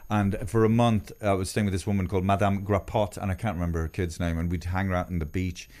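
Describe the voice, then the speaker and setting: A middle-aged man with an Irish accent, hosting a casual chat, teasing and jokey, often bursting up loudly. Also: low voice, level tone, fast talker. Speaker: podcast host.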